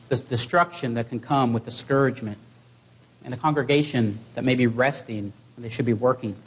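Earnest male preacher delivering a sermon. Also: mid-range voice. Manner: earnest, exhorting delivery with measured pauses.

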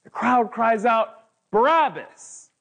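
Male guest preacher with a high voice and slow delivery, emphatic and repetitive. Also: lively intonation. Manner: emphatic repetition, building lists. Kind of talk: sermon.

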